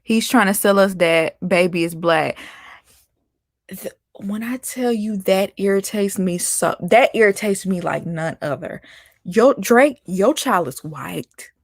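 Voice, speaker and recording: A woman vlogger delivers a casual opinion rant, sassy and animated, breaking into laughter. Her voice sits at a medium pitch, and the sound is dry and close. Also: measured pace, dry recording. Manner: animated and sassy, laughing, calling out with "honey" and "baby". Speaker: vlogger host.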